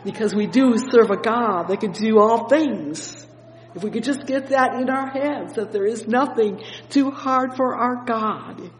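A man's voice: extremely high pitch, measured pace. Man preaching in a big echoey hall, fervent, faint hum behind. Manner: fervent, repeats "oh yes" and "praise the Lord". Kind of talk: sermon.

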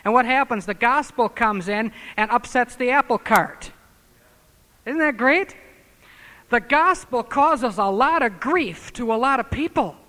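A man preaching a sermon, emphatic and scornful, dropping from loud declarations to low muttered asides. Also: unhurried, in a large hall.

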